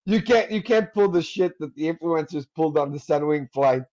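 A man's voice: fairly high pitch, fairly quick. Joking man with a muffled sound. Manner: dark deadpan jokes, swearing. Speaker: podcast co-host. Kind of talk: casual comedy chat.

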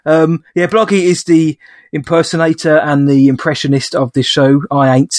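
A man's voice: on the high side, level tone, moderate pace, dry recording, studio quality. A man co-hosting a podcast, chatting casually about a film, often restarting and correcting himself as he jokes along. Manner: rambling, self-correcting, joking. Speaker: podcast co-host.

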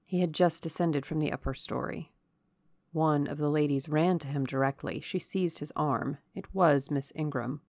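Brief: woman narrator, slow and measured, gravelly low voice, dry recording. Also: a little mellow, dry recording. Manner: measured, dramatic reading. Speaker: audiobook narrator. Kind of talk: scripted narration of a classic novel.

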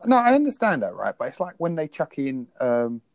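In a casual podcast chat, the male co-host jokes at his own expense with lively, self-deprecating banter. He talks a little fast in a mid-range voice, and there's no room sound.

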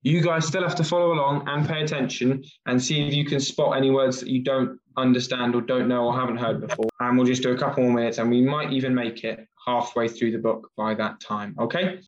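A man's voice: mid-range voice, fairly even intonation, a little fast, hardly any pauses. A male English teacher leads an online reading class for children. He is encouraging and explains words as he reads aloud. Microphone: video call. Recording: lo-fi video call audio.

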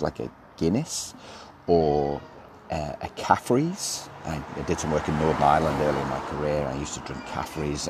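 A man hosting a casual solo podcast, chatting in a rambling, self-interrupting way while sitting outside a café. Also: extremely low pitch. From Australia. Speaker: podcast host. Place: outdoors at a street café. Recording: noisy outdoor street recording. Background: street ambience, birds and passing cars.

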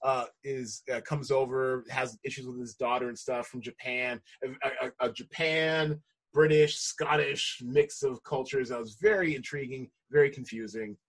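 A man's voice: mid-range voice, moderate pace, a bit bright, husky. An American man co-hosting a podcast, chatting casually and rambling, with lots of restarts and easy laughs. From United States. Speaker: podcast co-host. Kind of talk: casual chat.

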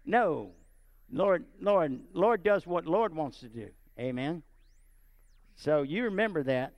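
Animated high-voiced preacher man. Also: takes it slowly, no echo. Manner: animated, asks the audience often. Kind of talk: sermon storytelling.

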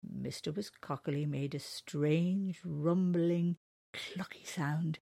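A woman reading a children's storybook aloud in a slow, gentle manner. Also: low-pitched, fairly even intonation, vocal fry, no echo. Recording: dry close recording.

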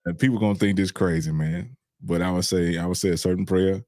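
A man's voice: deep voice, steady tone, fast, a little mellow, no echo, clean studio sound. A man, a guest telling loose, laughing anecdotes full of filler words. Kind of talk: casual storytelling.

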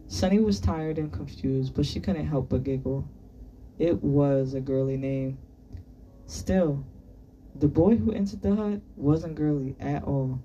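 A reader giving steady, unhurried narration while reading a novel aloud. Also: medium pitch, recorded from a distance, lo-fi sound, slight background noise. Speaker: audiobook reader.

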